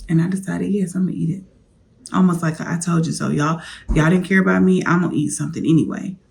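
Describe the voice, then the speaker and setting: A woman's voice: fairly low pitch, fairly even intonation, fast, vocal fry, darkish tone. A woman vlogger candidly telling a personal story, confiding straight to her viewers.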